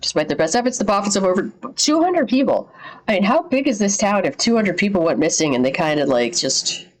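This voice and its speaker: A woman's voice: mid-range voice, big pitch swings, fairly quick, rough recording. A woman streaming from home, chatting casually, swearing freely and tossing out sarcastic asides. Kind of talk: casual live-stream reaction. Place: home streaming setup with green screen.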